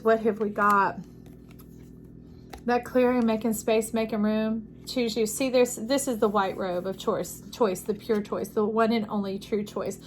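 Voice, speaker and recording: A woman giving an intuitive tarot reading, playful and affectionate, who swings between sing-song enthusiasm and soft, hushed tones. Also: medium pitch, slight background noise. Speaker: tarot reader.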